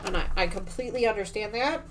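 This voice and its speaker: A woman's voice: mid-range voice, fast, noisy background. Chatty woman rambling while she sews. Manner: chatty, rambling, many ums and restarts. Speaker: quilting livestream host. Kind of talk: casual chat while sewing.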